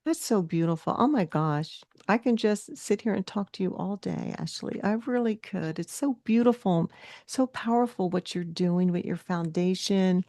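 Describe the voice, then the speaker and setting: A woman's voice: mid-range voice, normal speed, warm tone, no room sound. A woman hosting a podcast interview, affirming and encouraging her guest. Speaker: podcast host. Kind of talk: podcast interview, casual conversation.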